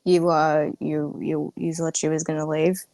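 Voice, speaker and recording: A woman's voice: sits low, flat delivery, a little slow, warm tone, dry recording. A woman playing a tabletop game, chatting casually in a laid-back way and laughing easily. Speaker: player.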